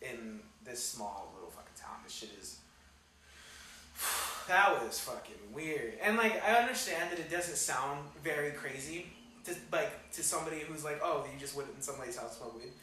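A young man telling a wild story on a casual podcast, animated and full of slang and swearing. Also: on the high side. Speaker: podcast co-host. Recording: echoey room, distant mic, faint noise.

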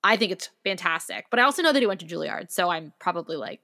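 A woman's voice: lowish voice, expressive, fast talker, pushed and bright. A woman co-hosting a podcast in casual chat, enthusiastic and talkative, with many fillers and restarts. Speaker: podcast co-host.

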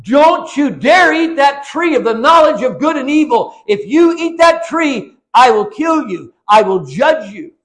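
An older man voicing a stern, threatening male God who commands loudly, as a preacher mocks a harsh view of him. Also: sing-song, unhurried, hardly any pauses, heavily acted. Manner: loud, commanding, raised pitch.

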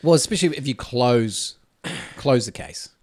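Dry New Zealand man, mid-pitched co-host. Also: animated, a little slow. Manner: dry, brief interjections. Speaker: podcast co-host. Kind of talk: casual chat.

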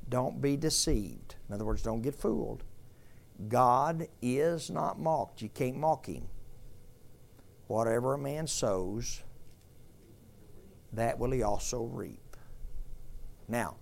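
A man's voice: medium pitch, takes it slowly, gravelly, long pauses. An older man preaching a sermon, leading the congregation in repeated call-and-response phrases. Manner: call-and-response, repetitive, emphatic. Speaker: pastor.

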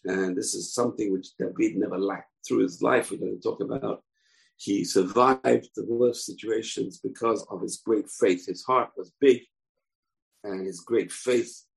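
A man's voice: on the low side, steady tone, a little slow, gravelly, rough recording. A man giving an informal bible lesson, telling the story conversationally with asides. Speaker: bible teacher.

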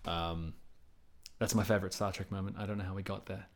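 A man in his thirties, a podcast guest, chatting casually with rambling, profane, animated storytelling. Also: deep voice, a little fast. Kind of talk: casual chat.

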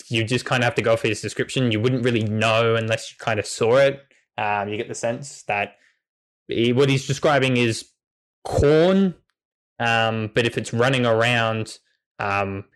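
A man narrating a tabletop game as game master, relaxed and hesitant, with many ums. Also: mid-range voice, moderate pace.

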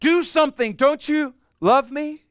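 A man's voice: very high-pitched, unhurried, dry recording, clean studio sound, voice pushed up. A man voicing a frightened, panicked person pleading frantically with God during a sermon. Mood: frantic pleading.

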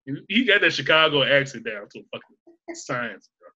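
A man's voice: medium pitch, big pitch swings, fairly quick, pushed and bright, highs cut off. A man chatting casually as co-host, cursing freely, laughing often and acting out movie lines. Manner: profane, laughs a lot, acts out movie quotes. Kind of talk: casual chat.

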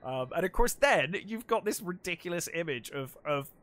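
A man's voice: on the high side, animated, moderate pace, fairly bright tone. A man in a casual chat, eagerly retelling scenes with lots of ums and restarts. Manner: enthusiastic retelling with many fillers and restarts.

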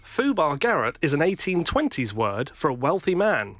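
A man's voice: fairly high pitch, big pitch swings, normal speed, a bit bright, no echo. Dry British man hosting a comedy bit. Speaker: comedy podcast host.

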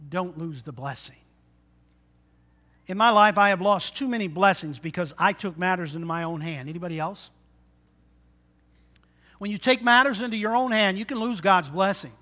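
A preacher giving a conversational sermon in church, often asking the congregation questions. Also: male voice, high voice, animated, moderate pace, pushed and bright.

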